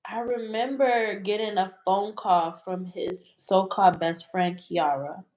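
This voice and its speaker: A woman's voice: mid-range voice, fairly even intonation, a little slow, a little mellow. A woman telling a personal story as an interview guest, in a candid, rambling way that swears freely.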